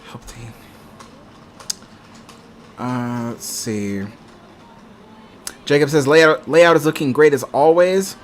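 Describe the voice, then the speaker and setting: A man's voice: fairly high pitch, takes it slowly, pauses often, background noise. A man hosting a live stream, chatting casually and reading viewer comments aloud with frequent ums. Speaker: livestream host.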